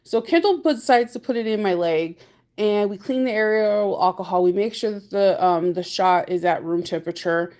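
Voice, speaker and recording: A woman's voice: mid-range voice, moderate pace, a little mellow. A woman chats through a casual daily vlog from her car, rambling from one thing to the next. She laughs often and acts out little moments from her day as she talks. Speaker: vlogger. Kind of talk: casual chat.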